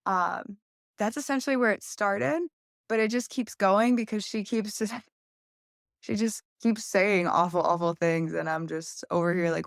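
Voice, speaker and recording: Woman, young adult, interview guest, casual storytelling, candid, gravelly. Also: mid-range voice, a little slow, long pauses, no echo, clean studio sound. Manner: candid, animated storytelling with quoted voices. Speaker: podcast guest, grappler.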